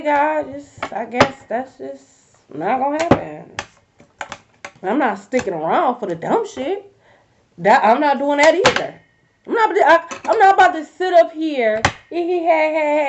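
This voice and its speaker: Blunt, profane woman on lo-fi audio. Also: high voice. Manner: blunt, profane, fired-up talk. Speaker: tarot reader. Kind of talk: casual tarot reading rant. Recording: dull lo-fi audio.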